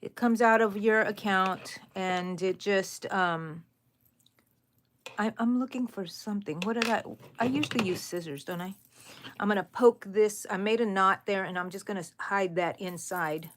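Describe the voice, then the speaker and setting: A woman hosting a live crochet stream, chatting casually with viewers while she works and counting her stitches out loud. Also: mid-range voice, normal speed, a little hiss or hum. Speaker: crochet channel host. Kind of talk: live crochet tutorial chat.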